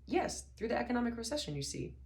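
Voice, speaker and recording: A woman acts out an old man who once built planets, speaking gently and vaguely with a wistful edge. The voice is lifted above her usual low register. It suits a storybook reading. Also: very animated. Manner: gentle, slow, distracted speech with sudden sternness. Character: elderly male planet builder, mild, wistful, vague. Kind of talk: audiobook reading.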